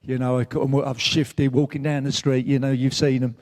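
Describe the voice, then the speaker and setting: A man's voice: mid-range voice, little pitch movement, brisk, darkish tone, dry recording. An older man from England, a guest at a live event, telling his story in a candid, rambling way with swearing, emotional at times. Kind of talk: live stage conversation.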